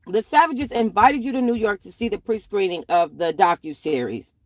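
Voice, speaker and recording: A woman hosts an interview, pressing her guest with follow-up questions. Her voice sits at an ordinary middle pitch. The recording is dry and close. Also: animated, normal speed, no echo. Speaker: host.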